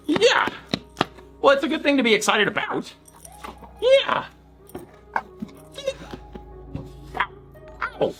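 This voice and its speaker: Woman streamer, high bright pitch, unhurried, faint music behind. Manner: animated, gushing thanks and coaxing a dog. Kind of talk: casual live-stream chat.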